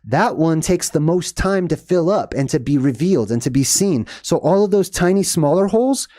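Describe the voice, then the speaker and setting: A man giving casual, rambling commentary over movie clips, often checking in with "okay?" and "boom". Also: lively intonation, moderate pace, mellow, no room sound, studio quality. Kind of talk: casual screen-share commentary.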